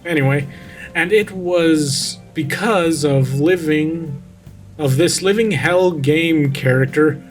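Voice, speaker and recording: A man reads a cheesy horror story aloud, interrupting to mock it with sarcastic, profane asides. His voice sits fairly high and he talks slowly. Soft music plays faintly behind him. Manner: sarcastic, mocking, swears casually. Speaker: vtuber reading a creepypasta. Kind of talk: story reading with mocking commentary.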